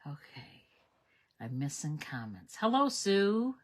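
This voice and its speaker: A woman's voice: deep voice, expressive, slow. A woman hosting a live card-making stream, chatting as she talks herself through each step at her craft table. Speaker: crafting livestream host.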